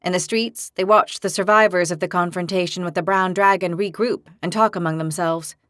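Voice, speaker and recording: A woman reads a fantasy audiobook aloud in a steady, measured way, delivering scripted narration. Her voice sits on the low side, and the studio-quality recording has no echo.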